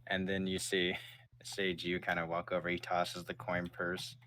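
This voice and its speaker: A man's voice: deep voice, completely flat delivery, normal speed, bright, forceful tone, slight background noise. A man narrating as game master of a tabletop role-playing game, casual and loose, with swearing. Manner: casual, swearing, voices the characters briefly.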